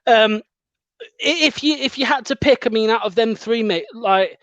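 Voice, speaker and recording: A man's voice: very high voice, normal speed, a bit bright, dry recording. A man hosting a fan channel's live stream in casual, chatty conversation, laughing often. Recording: dull lo-fi dry stream audio.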